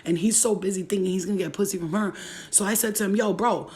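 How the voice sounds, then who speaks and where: A woman's voice: mid-range voice, fairly even intonation, racing, darkish tone. A young woman vlogger telling a story in a blunt, profane way and laughing often. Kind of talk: storytime vlog.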